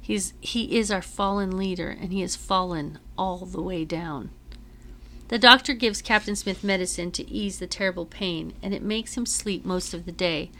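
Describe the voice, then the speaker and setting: A woman teacher reading a novel aloud to her class in a measured storytelling voice with dramatic emphasis. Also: medium pitch, a bit bright.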